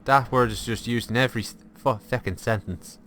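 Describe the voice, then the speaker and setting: A man's voice: medium pitch, brisk, fairly bright tone. A man streaming a strategy game, rambling casually between turns with plenty of fillers and casual swearing. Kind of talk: casual gameplay commentary.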